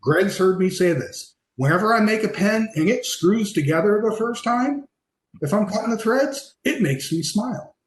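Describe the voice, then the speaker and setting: A man who makes pens speaking modestly and haltingly on a video call panel. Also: sits high, lively intonation, a little hiss or hum. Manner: modest, halting, with many restarts. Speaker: penmaker panelist. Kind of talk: casual panel discussion. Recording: echoey room.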